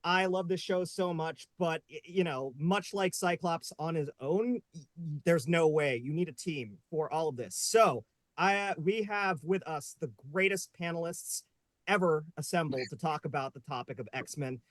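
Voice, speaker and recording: A man's voice: a little high, moderate pace, no echo. A man hosting a live online panel show, upbeat and joking, with many fillers. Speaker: host. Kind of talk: casual live panel chat.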